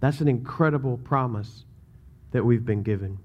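Man, Southern US accent, pastor, sermon, casual rambling delivery, mid pitch. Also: normal speed, darkish tone, highs cut off. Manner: casual, rambling, self-interrupting.

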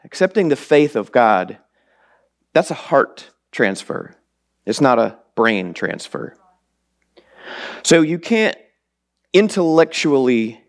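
Guy preaching in church, casual and rambly, voice kinda strained. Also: mid-range voice. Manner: casual, rambling, self-deprecating. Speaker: lay preacher. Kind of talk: sermon. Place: church sanctuary.

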